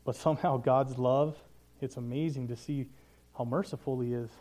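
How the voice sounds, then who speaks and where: A man leading a Bible study, preaching in a casual, self-deprecating, storytelling way that turns quiet and earnest. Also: medium pitch, fairly even intonation, moderate pace. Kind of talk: casual sermon.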